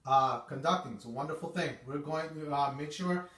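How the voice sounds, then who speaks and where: A man with a slightly high voice gives a casual music lesson, chatty and repeating himself as he checks in with his students. He sounds set back from the mic in an echoey room. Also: a little fast, fairly bright tone, recorded from a distance. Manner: chatty, repeats itself, says okay often. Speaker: music teacher.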